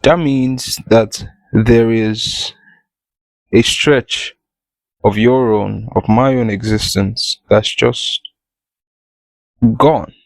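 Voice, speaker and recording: A man with a low, gravelly voice hosts his solo podcast. He talks to the listener in a playful, conversational way. The sound is close and dry, with no room echo. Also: drawn-out words, long pauses. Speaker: podcast host.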